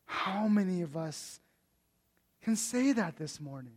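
A pastor delivers a conversational sermon, restarting his sentences often and growing animated whenever he mimics his own complaints. His voice is high and he takes his time.

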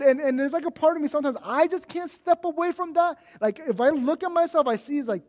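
A man as pastor, giving a conversational sermon with lots of restarts, turning animated when he mimics his own complaints. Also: extremely high pitch, a little fast.

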